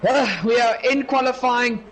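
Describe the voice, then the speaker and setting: High-voiced young man commentating a race. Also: fairly even intonation, moderate pace, a bit bright, faint music behind. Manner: chatty, giggly, apologetic asides. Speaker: sim racing commentator. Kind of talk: casual live race commentary.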